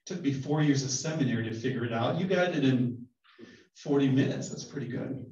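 A man, a pastor, leading a relaxed Bible study, joking and asking the group questions as he teaches. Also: medium pitch, brisk. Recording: roomy, distant, dull sound.

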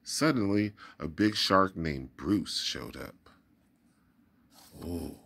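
A man narrating a children's storybook aloud with expressive, dramatic delivery. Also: low-pitched, slow pace, gravelly, background noise. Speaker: storybook reader.

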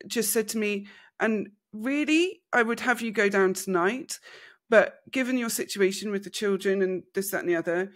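A woman with a British accent, a podcast co-host telling a candid personal story, animated and laughing through hard memories. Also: medium pitch, normal speed. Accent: British English.

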